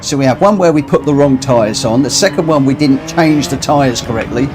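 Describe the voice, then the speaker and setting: A man talks over his racing game during a livestream, exasperated and scolding himself as he goes. His voice sits at an ordinary middle pitch. Game music plays clearly behind him. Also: fairly quick. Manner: exasperated, self-scolding, rueful. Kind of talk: live gameplay commentary.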